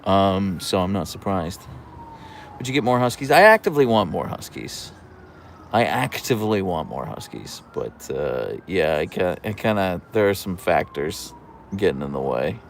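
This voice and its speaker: A man's voice: sits low, expressive, normal speed, a little hiss or hum. A man hosting a casual livestream from an outdoor deck, chatting and answering viewer comments into a camera on a tripod. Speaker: livestream host.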